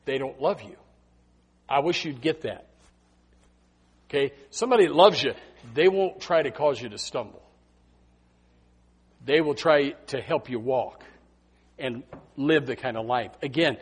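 A male pastor preaching a sermon in a church, emphatic and repetitive, swinging from hushed asides to loud exhortation. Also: mid-range voice, measured pace, long pauses, breathy edge. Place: church sanctuary.

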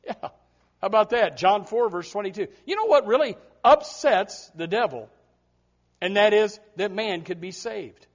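Speaking before a church congregation, this male preacher from the US sermonizes emphatically, restarting often and repeating himself. He talks unhurriedly, with a high voice and lively intonation. Sound quality is muffled and lo-fi.

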